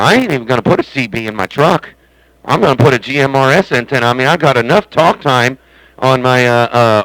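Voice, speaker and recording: A man's voice: medium pitch, a bit bright, smooth, no room sound, low-quality recording. A man hosting a CB radio stream from his home base station, chatting in a rambling, joking, folksy way. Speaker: CB radio operator and stream host. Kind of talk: casual radio chat.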